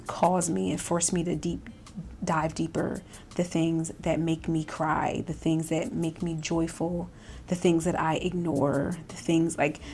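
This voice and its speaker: Chatty woman with a gravelly low voice. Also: warm tone, a little hiss or hum. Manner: chatty, self-reflective, many fillers and restarts, laughs often. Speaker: vlogger. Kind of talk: casual reflective chat.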